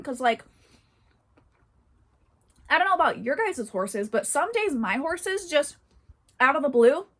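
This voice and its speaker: A woman's voice: on the high side, a bit bright. A woman hosting a horse channel, reading online posts aloud and commenting in a chatty way, often breaking into laughter.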